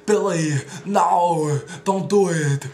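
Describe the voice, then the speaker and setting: A young man doing an impression of a famous muscular action-star man, gruff, booming and shouting in a thick put-on accent. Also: a little slow, natural voice. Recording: echoey room with background noise.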